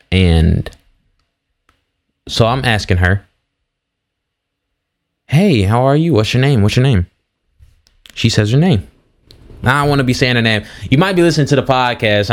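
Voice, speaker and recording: Young man telling a story casually. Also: fairly low pitch. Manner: animated retelling, slangy with "bro" and "bruh", frequent restarts. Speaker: podcast host.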